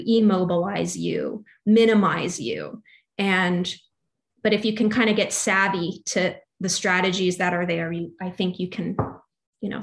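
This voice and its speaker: A young adult woman, a musician guest, talking through faith and doubt in a loose, rambling way full of fillers. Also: medium pitch. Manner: rambling, filler-heavy, animated. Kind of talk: casual faith conversation.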